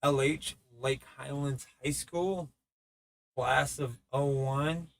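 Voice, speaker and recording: A man in his thirties, hosting a podcast alone, slowly tells rambling, profane stories marked by stammers and restarts. His medium-pitched voice holds a steady tone and carries vocal fry.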